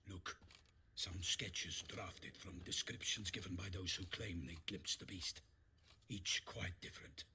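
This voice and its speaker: An actor playing a proud, formal knight envoy in a video game, with a put-on French-sounding accent and courtly, earnest speech. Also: male voice, low-pitched, fairly even intonation, unhurried, vocal fry, bright, forceful tone, breathy edge, heavily acted.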